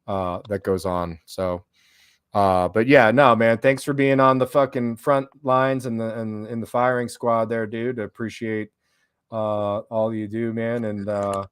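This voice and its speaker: A man's voice: on the low side, fairly even intonation, measured pace, smooth, no echo. Over-caffeinated guy hosting a live stream, cussing and rambling, dry close sound. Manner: profane, rambling, jumpy. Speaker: livestream host. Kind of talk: casual live stream chat.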